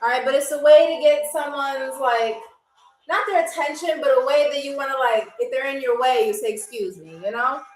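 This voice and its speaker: A woman hosting a live-stream game show, playful and teasing with viewers, often slowing down to repeat words carefully. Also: high-pitched, distant mic, soft background music. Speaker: game show host on a livestream. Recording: echoey room.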